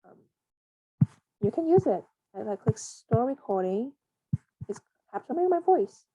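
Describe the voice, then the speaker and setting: A woman presenting a casual software setup tutorial, talking in a halting, hesitant way with frequent pauses and restarts. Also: on the high side, big pitch swings, slightly rough, dry recording, dull audio. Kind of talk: casual screen-recorded coding walkthrough.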